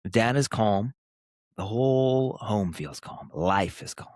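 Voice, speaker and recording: Male podcast host, thirties, low voice, earnest and emphatic, dry close sound. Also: lively intonation, a little mellow, dry recording. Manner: earnest, emphatic, with pauses and short punchy phrases. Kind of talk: motivational podcast monologue.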